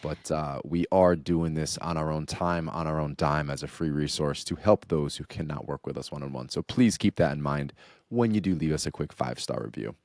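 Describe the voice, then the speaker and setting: A man co-hosting a fitness podcast, speaking in a measured way with emphatic build-ups. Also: very deep voice, darkish tone, no echo, studio quality.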